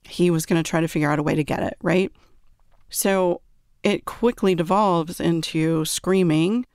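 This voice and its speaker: A woman's voice: fairly low pitch, fairly even intonation, normal speed, a little mellow, clean tone, dry recording, clean studio sound. A woman, a parent, earnestly telling a personal story and often checking in with "right?". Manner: earnest, reflective, frequent "right?" check-ins.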